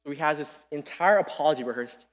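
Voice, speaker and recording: A young man giving an earnest, casual sermon, animated and full of restarts. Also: fairly high pitch, quick pace. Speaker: preacher. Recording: long reverb in a hall.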